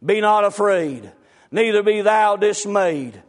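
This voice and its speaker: A man preaching a sermon, fervent and repetitive, breaking into shouts. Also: high voice, lively intonation, takes it slowly.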